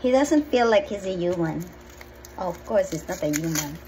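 A woman's voice: lowish voice, expressive, moderate pace, dark tone, a little hiss or hum, low-quality recording. A middle-aged woman chatting casually through a home cooking vlog, meandering and repeating herself in her kitchen. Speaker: cooking vlogger. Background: chopping and pan sounds.

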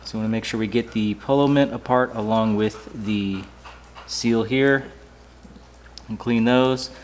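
A man hosting a hands-on repair tutorial, walking through each step in a relaxed way with dry, sarcastic asides. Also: fairly low pitch, a little slow, slight background noise. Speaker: DIY motorcycle repair tutorial host. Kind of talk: casual how-to walkthrough.

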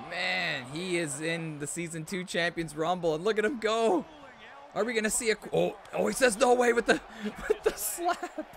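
A man hosting a live stream, excitedly commentating a wrestling video game and reading out viewer messages, shouting at big moves and laughing to himself. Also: high-pitched, creaky, slight background noise.

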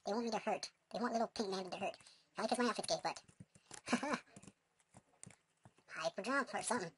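A young woman commentating her own gameplay, excitable, swearing at enemies, yelping and humming along. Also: mid-range voice, a little fast, long pauses, slight background noise. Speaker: let's play gamer. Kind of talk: casual game commentary.

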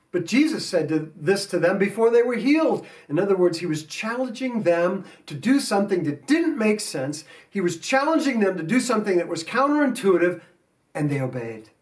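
A man with an American accent preaching a sermon as pastor, earnest, with slow emphatic stresses. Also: sits high, recorded from a distance. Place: church sanctuary.

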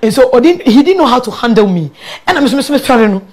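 High-voiced Ghanaian woman telling her story. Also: brisk. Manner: animated, laughing often, mixing local words into English. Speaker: guest. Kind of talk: candid personal storytelling in an interview.

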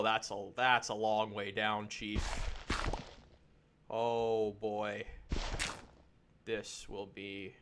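A man commenting on his own gameplay in a goofy way, talking to the animals and mobs and breaking into panicked yells. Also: lowish voice, background noise. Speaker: gaming channel host. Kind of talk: let's play commentary.

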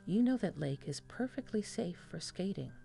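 A woman's voice: on the low side, lively intonation, moderate pace, gravelly, warm tone, faint music behind. A woman voicing a serious, taunting teenage boy in a scary story, cold and insistent.

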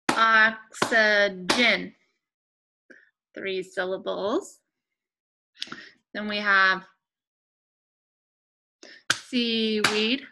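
A young woman with a mid-range voice teaches a remote lesson to young children, with background noise audible. She speaks patiently and clearly, pausing between words.

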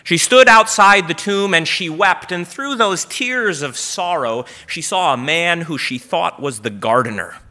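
A man's voice: fairly high pitch, expressive, measured pace, few pauses, pushed and bright. A male pastor preaching a storytelling sermon in church, often asking the congregation questions.

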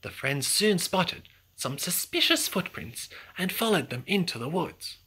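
A storybook reader narrating a children's story aloud in an expressive, sometimes whispery way. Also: medium pitch, measured pace, husky.

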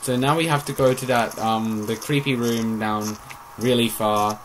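A man casually coaching a friend through a horror game, jumping between calm tips and sudden excited yelps. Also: mid-range voice, a little slow, a little hiss or hum, low-quality recording. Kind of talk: casual gaming chat.

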